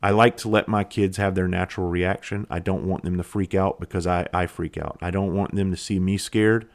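A man hosting a podcast, talking candidly and reflectively, blunt and quick to swear. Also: sits low, steady tone. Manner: reflective, halting. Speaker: podcast host. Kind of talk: casual solo podcast monologue.

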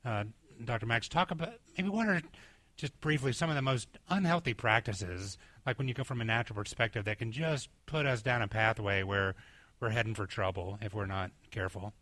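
A man serving as pastor and host, interviewing a guest with open enthusiasm. His voice is bright and forceful. The sound is dry, with no room echo. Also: lowish voice, a little fast. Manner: enthusiastic, conversational. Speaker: pastor hosting. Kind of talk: church interview.

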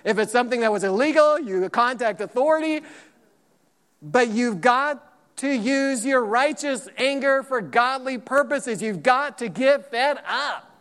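A man preaching a sermon as pastor, emphatic and lively, repeating points and acting out quotes. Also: extremely high pitch, a little slow. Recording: long hall reverb.

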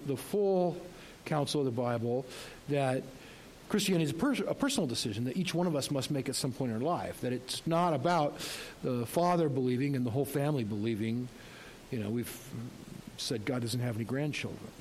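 Male preacher, fairly high-pitched, relaxed and chatty from the pulpit; faint hiss on the recording. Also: low-quality recording. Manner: conversational, rhetorical questions, light humor. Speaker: pastor. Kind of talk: sermon.

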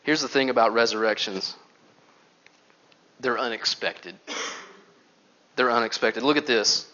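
A man preaching a sermon, telling stories with animated swings from loud to hushed. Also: mid-range voice, a little slow, dull audio. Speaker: pastor.

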